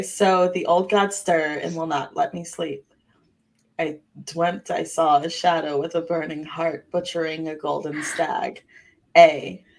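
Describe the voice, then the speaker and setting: A woman's voice: low-pitched, a little hiss or hum. Woman doing a creepy old seer, fake Boston accent. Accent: put-on Boston accent. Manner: slow, creepy, drawn-out recitation. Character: ancient female seer reciting eerie prophetic dreams.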